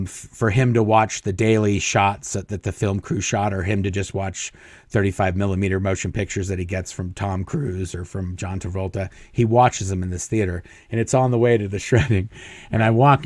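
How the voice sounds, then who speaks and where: A man's voice: lowish voice, a little mellow, dry recording, studio quality. A man as an interview guest, telling stories casually, chuckling often and acting out quoted dialogue. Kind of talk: casual storytelling.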